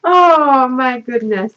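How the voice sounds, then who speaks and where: A woman's voice: sits high, fairly bright tone, lo-fi sound. A woman hosting a crafting channel, chatting casually as she opens mail, gushing and laughing often. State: tearful, choked up. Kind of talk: casual unboxing vlog.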